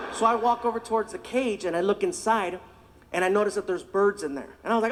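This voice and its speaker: A male stand-up comedian telling an animated story, laughing often and acting out the voices in his anecdote. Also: high-pitched, fast, big-room sound.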